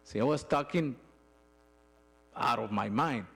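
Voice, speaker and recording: A middle-aged man giving a personal testimony in a church, telling his story in an emotional, halting way with frequent restarts. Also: lowish voice, lively intonation, gravelly, fairly bright tone. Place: church sanctuary.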